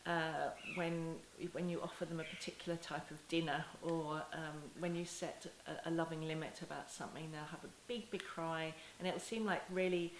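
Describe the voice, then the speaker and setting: Lowish-voiced woman teaching parents, soft and unhurried, lots of restarts, faint hiss in the recording. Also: fairly even intonation. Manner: gentle, unhurried, with many restarts and soft acted apologies to a child. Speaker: parenting educator. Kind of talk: talking-head teaching video. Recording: echoey room with faint hiss.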